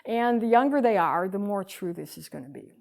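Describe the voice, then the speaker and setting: Gravelly woman telling a story with verve. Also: medium pitch, fairly quick. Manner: animated storytelling, swinging between loud and hushed. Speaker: speaker. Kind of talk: storytelling talk.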